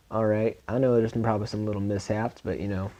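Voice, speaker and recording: A man with a Southern country accent reads a novel aloud in a relaxed, informal manner, his voice low and mellow. He stumbles now and then and repeats words, and his mouth sounds dry. The sound is close and dry, with no room echo. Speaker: audiobook reader. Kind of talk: amateur audiobook reading.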